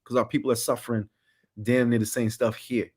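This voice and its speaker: A man's voice: medium pitch, flat delivery, fairly quick, husky. A middle-aged man speaking as a podcast guest in casual chat, passionate, repeating phrases for emphasis.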